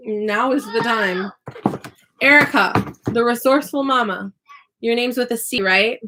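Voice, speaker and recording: Woman teacher live streaming a craft, chatty and apologetic, kinda high bright voice. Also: takes it slowly, long pauses. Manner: chatty, apologetic, self-deprecating. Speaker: online English teacher and YouTuber.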